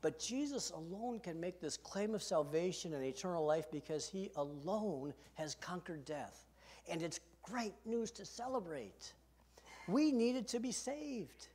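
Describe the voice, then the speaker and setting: A man's voice: a little high, animated, measured pace, a little mellow, breathy edge. Earnest male pastor preaching. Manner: earnest and emphatic, asks the congregation questions directly. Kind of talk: sermon. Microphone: podium microphone.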